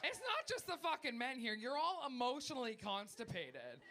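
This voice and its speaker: A woman's voice: high-pitched, big pitch swings, normal speed, crowd noise, noisy background. A woman with a North American accent performing a brash, crude stand-up set on a comedy club stage. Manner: brash, crude and self-mocking.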